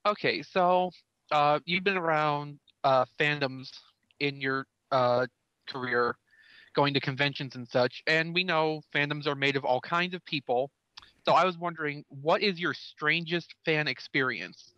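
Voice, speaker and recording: Bright-voiced man interviewer. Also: on the high side, a little slow, dry recording, lo-fi sound. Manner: hesitant, with fillers. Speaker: podcast interviewer. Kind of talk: interview questions.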